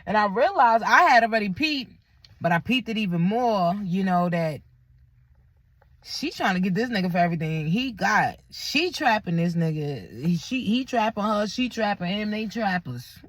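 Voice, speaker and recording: A woman's voice: medium pitch, lively intonation, moderate pace, no room sound. A young woman, candidly retelling a personal story in a vlog, with lots of quoted dialogue and blunt language.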